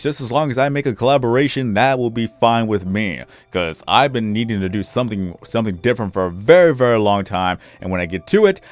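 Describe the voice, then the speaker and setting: A young man, a gaming YouTuber, chatting casually over his gameplay, rambling, often correcting himself and repeating phrases. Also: on the low side.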